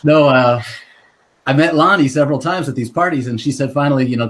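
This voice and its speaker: A man's voice: medium pitch, brisk, a bit bright. A man, a biographer and guest, telling a story in a casual, self-deprecating, joking way.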